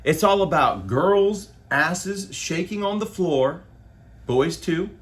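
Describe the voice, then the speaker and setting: A man, a bass player, giving his opinions in a casual, loose monologue with slang and the odd swear word. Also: lively intonation, slow pace.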